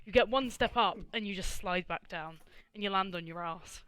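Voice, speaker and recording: A woman's voice: medium pitch, moderate pace, a bit bright. A woman running a tabletop game as game master over a voice call, exasperated and swearing freely.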